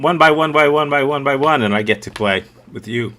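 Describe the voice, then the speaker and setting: A man's voice: fairly high pitch, expressive, brisk, bright, forceful tone. A man teaching an improv workshop over a video call, joking and self-mocking. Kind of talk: casual workshop talk.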